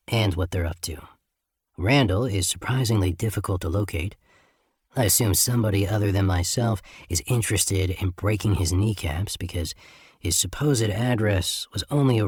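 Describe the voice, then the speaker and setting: Brief: male audiobook narrator, low husky voice, dry close sound, even sardonic delivery. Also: dry recording. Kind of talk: first-person audiobook narration.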